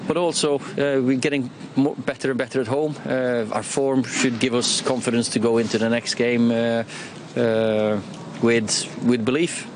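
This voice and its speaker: A man's voice: medium pitch, little pitch movement, moderate pace, noisy background. A man with a Norwegian accent, a football manager speaking plainly and upbeat in an interview clip. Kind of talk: post-match interview clip.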